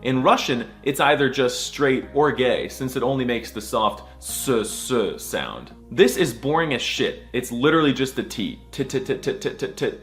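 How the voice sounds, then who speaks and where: A man's voice: mid-range voice, animated, normal speed, hardly any pauses, fairly bright tone, faint music behind. A man giving a sarcastic, jokey mock alphabet lesson, drawing out each letter sound. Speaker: comedy video creator.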